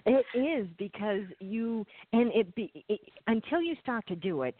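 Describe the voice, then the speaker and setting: A host in a conversational interview, speaking in a reflective, encouraging way that is slightly halting at times. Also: mid-range voice, lively intonation, slight background noise. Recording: dry phone-like call audio.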